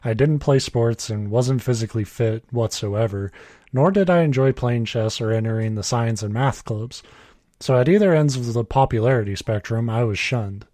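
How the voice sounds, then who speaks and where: A man's voice: mid-range voice, moderate pace, dark tone, no room sound. A man in his early thirties reading a story aloud on a casual podcast, breaking off for asides and correcting himself. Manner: reads aloud with asides, chuckles, self-corrections.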